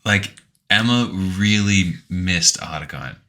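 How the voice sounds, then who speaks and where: A man's voice: low-pitched, lively intonation, slow, sharp tone. A man co-hosting a podcast, chatting casually about a video game, agreeable and sympathetic, often repeating words as he starts. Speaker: podcast co-host.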